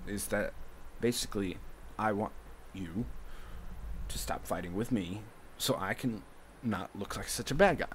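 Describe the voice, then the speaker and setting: A man's voice: on the low side, slight background noise. A young man in an emotional monologue to his mother, confrontational and rambling, with many fillers.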